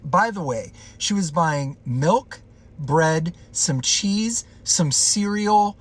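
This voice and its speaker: A man's voice: a little high, lively intonation, slow pace. A man casually recounting a personal story in a chatty, loose way, with plenty of filler words.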